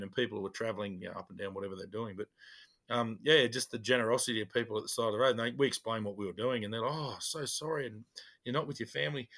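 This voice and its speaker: Australian man, podcast co-host, bright forceful voice, lively storyteller, acts out the quotes, casual chat. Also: on the low side. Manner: animated, acts out dialogue in his stories. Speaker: podcast co-host, police officer.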